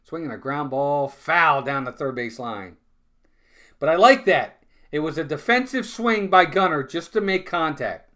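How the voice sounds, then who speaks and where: A man's voice: a little high, animated, a little slow, sharp tone. A man calling live baseball play-by-play in a casual, chatty way, often repeating words and talking to his viewers. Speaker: fan play-by-play streamer.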